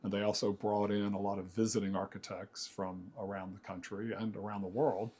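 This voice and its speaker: Reflective older man, low mellow voice. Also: flat delivery, a little fast, husky. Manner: rambling, reflective, many fillers and self-corrections. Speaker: architect. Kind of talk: oral history interview.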